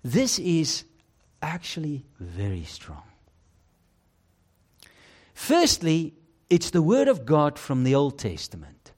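Slow, lively-pitched male preacher. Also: breathy edge. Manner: emphatic, rhetorical questions, dramatic drops to low quiet phrases. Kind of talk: sermon.

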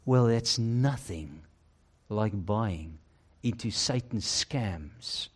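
A man preaching a sermon with emphasis and rhetorical questions, dropping low and quiet to stress key phrases. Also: animated, drawn-out words, slightly rough.

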